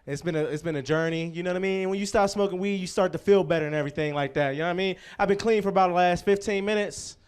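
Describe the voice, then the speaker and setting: A man's voice: high voice, fairly even intonation, rapid-fire, few pauses, clean tone. A man hosting a comedy show, telling profane stand-up stories and bantering with the crowd.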